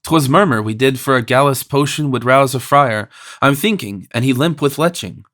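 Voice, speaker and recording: A man's voice: mid-range voice, animated, normal speed, no room sound, clean studio sound, natural voice. A man voicing a boisterous, mocking young man with a theatrical, jesting manner, read from a classic audiobook. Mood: querulous mock brogue.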